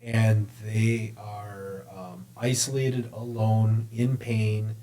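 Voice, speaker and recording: Mellow low-voiced man, soft-spoken. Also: little pitch movement, extremely slow. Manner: brief agreeing interjections, soft-spoken. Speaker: podcast co-host. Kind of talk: casual faith chat.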